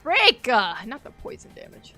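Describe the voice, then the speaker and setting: A woman's voice: sits high, huge pitch swings, normal speed, sharp tone, soft background music. A woman chatting casually on a game live stream, rambling, laughing often and reacting aloud to the game. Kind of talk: casual live-stream chat while gaming.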